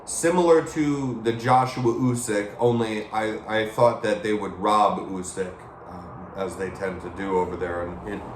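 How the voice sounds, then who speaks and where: Excitable man chatting about boxing in a roomy space. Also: lowish voice, unhurried, few pauses, a little hiss or hum. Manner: excitable, rambling, emotional. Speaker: boxing watch-along host. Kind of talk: casual live fight chat.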